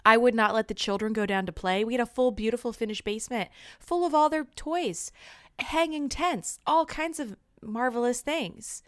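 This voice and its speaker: A woman's voice: fairly high pitch, normal speed, fairly bright tone, no echo, clean studio sound. A woman co-hosting a podcast, telling stories in an earnest, casual way. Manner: earnest, storytelling at length. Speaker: podcast co-host. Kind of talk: casual chat.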